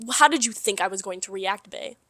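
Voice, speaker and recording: A young woman co-hosting a casual podcast, telling a story in an animated way with lots of swearing and laughter. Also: medium pitch, fast, no echo. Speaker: podcast co-host. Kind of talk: casual chat.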